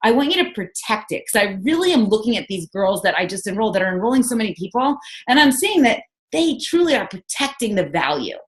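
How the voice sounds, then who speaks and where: A woman with a slightly raised voice gives her team an energetic pep talk. She sounds enthusiastic and keeps throwing out rhetorical questions to pull listeners in. It has the feel of a motivational coaching session on a conference call. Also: a little high, fast talker, hardly any pauses. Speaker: sales team leader.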